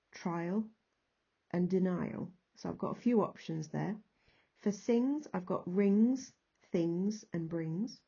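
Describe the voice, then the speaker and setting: A woman's voice: lowish voice, creaky, dark tone, slightly rough, dull audio. A woman with an English accent, teaching a recorded lesson and patiently talking through examples step by step.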